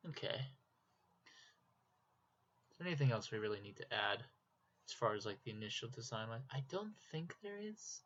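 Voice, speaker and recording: A man's voice: medium pitch, very animated, moderate pace, long pauses, fairly bright tone. A young man from Minnesota with a Minnesotan accent, rambling casually to himself while drawing, with self-deprecating asides. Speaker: YouTuber. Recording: dull lo-fi mic.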